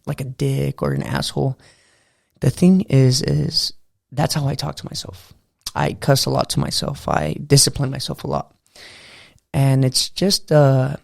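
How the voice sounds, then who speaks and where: A man's voice: mid-range voice, gravelly, no echo, studio quality. A man hosting a casual motivational podcast, just out of bed, rambling loosely and saying "you know" and "bro" a lot. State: just out of bed, early morning voice. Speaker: podcast host.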